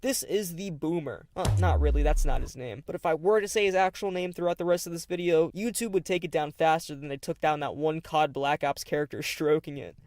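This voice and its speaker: A man's voice: on the high side, brisk, few pauses, darkish tone, dry recording. A man narrating a scripted video essay on games, casual and irreverent, with profane asides.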